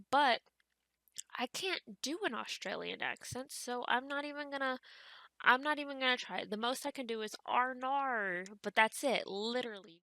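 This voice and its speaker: A woman's voice: fairly high pitch, sharp tone, no echo. A woman hosting a gaming channel, giving casual let's-play commentary in a chatty, rambling way as she thinks aloud.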